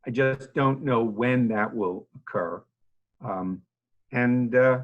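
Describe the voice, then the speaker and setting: A man in his sixties giving an earnest, halting talk over a video call about running care homes, with many fillers and restarts. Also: mid-range voice, phone-quality sound. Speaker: nursing home agency head speaking to a club. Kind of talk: informal talk to a civic club.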